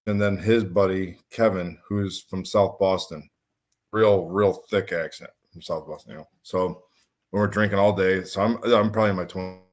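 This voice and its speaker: A man's voice: deep voice, fairly even intonation, moderate pace. Michigan guy, podcast guest, rambling storyteller who repeats himself a lot. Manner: rambling, repeats words, laughs at his own stories. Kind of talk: casual drinking-buddy storytelling.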